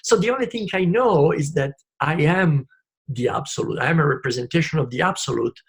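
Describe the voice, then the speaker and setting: A man's voice: on the high side, fairly quick, gravelly, breathy edge. A man, a guest in a spiritual conversation, speaking emphatically and repeating his phrases.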